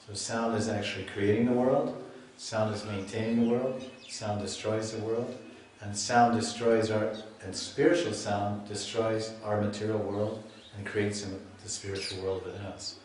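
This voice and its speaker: A man lectures on scripture in a loose, chatty way, breaking off and restarting his sentences as he tells stories. His voice sits fairly low, and the echoey hall recording sounds like it was picked up from a distance. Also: steady tone, moderate pace, darkish tone, slight background noise. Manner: chatty storyteller, laughs at himself, restarts often. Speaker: swami giving a scripture lecture.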